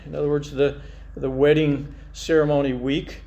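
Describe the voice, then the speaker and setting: A man's voice: fairly high pitch, level tone, normal speed, creaky, dark tone. A male pastor preaching a conversational sermon, reading scripture aloud and musing over it.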